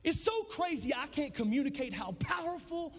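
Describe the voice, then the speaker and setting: A young man, preaching a testimony sermon and swinging from loud shouts to hushed low tones. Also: big pitch swings, normal speed. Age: 20s. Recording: long reverb of a large hall.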